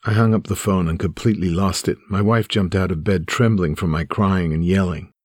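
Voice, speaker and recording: A man's voice: sits low, steady tone, fairly quick, slightly rough, no echo. A man reading his own memoir aloud in a somber, earnest way. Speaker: narrator. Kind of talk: memoir narration.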